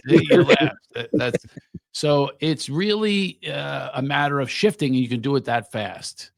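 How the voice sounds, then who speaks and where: A man's voice: mid-range voice, unhurried, creaky, no room sound, studio quality. A middle-aged man, a guest comedian, chatting on a podcast and acting out quotes with animation. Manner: animated storyteller, acts out quotes. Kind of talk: casual podcast chat.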